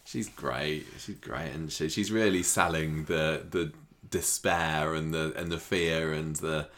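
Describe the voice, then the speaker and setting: A man's voice: extremely low pitch, steady tone, slow pace, fairly bright tone. A man co-hosting a casual chat, chiming in agreeably about a soap. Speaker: podcast co-host.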